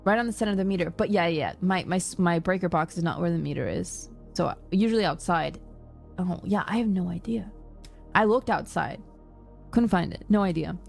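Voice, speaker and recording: Faint music plays behind a young woman streamer with a fairly low, brisk voice and some vocal fry. She tells her chat a story in an exasperated, animated rant, voicing what the other people said.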